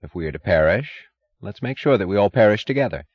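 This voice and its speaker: A man's voice: medium pitch, normal speed, no room sound, lo-fi sound, voice pushed up, natural voice. A man reading an audiobook, voicing a bitter, overwrought middle-aged tycoon with a trembling, feverish intensity.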